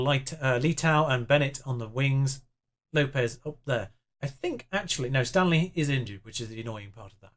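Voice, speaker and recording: A young man commentating his own game, chatty and self-mocking, muttering along as the match plays out. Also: a little high. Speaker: YouTube game player. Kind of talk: let's-play commentary.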